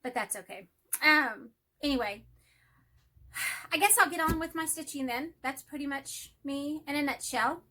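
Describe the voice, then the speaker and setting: A woman's voice: sits high, a little slow, pauses often, sharp tone, slight background noise. A young woman with a Texas accent chatting casually on her vlog, rambling and self-deprecating with lots of fillers. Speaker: flosstube vlogger. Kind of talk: casual chat.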